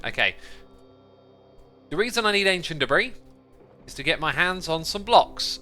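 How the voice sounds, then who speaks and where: A man's voice: fairly high pitch, lively intonation, moderate pace, pauses often, bright, forceful tone, soft background music. A man hosting a casual gameplay livestream, chatty and playful, easily sidetracked as he talks to his viewers. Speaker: livestream host.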